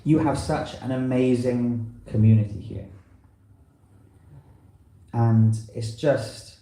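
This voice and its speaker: A man's voice: mid-range voice, steady tone, takes it slowly, warm tone. A man giving an informal, rambling talk to a temple congregation, full of "you know" and loose asides. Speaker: visiting preacher. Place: temple hall. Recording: echoey temple hall.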